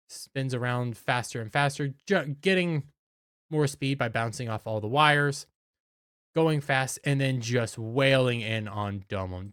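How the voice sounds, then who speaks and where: A man's voice: mid-range voice, a bit bright, smooth, no room sound, studio quality. A man giving a casual, enthusiastic episode recap as an anime reviewer, often stumbling over his words.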